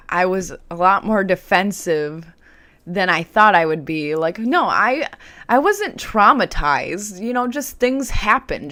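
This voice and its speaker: A woman's voice: lowish voice, a bit bright, clean tone. A woman vlogging, telling a personal story in a candid, chatty way with plenty of "like" fillers.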